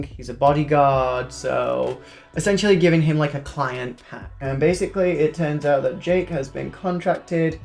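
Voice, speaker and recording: A man with a northern English accent giving a sarcastic, animated movie review in a casual vlog. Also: a little high, normal speed, vocal fry, soft background music. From northern England. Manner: sarcastic, animated storytelling with mocking asides.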